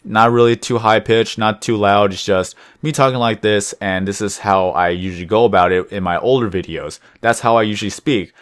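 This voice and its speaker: A young man rambling through casual commentary over his gameplay video, deliberately lifting his voice above his natural low tone. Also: clean tone. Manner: rambling, chatty, self-reflective. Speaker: gaming channel host.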